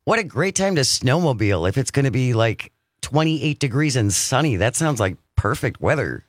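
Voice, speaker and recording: A man's voice: mid-range voice, big pitch swings, moderate pace, no echo. A man hosting a radio talk show, chatting casually with a dry, joking manner. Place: radio studio.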